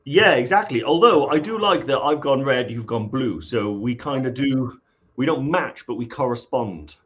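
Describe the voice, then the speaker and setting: A man's voice: medium pitch, lively intonation, moderate pace, fairly bright tone, dull audio. Jokey man chatting on a live stream. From half Scottish. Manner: jokey, chatty, greets viewers by name. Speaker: co-host of a trekking company live stream. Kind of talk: casual live-stream chat.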